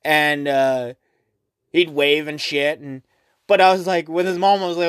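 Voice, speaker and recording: Rambling high-voiced podcast host. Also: male voice, fairly even intonation, measured pace, a bit bright, clear, resonant tone, dry recording, clean studio sound. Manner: rambling, swears often, many fillers. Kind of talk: casual solo podcast monologue.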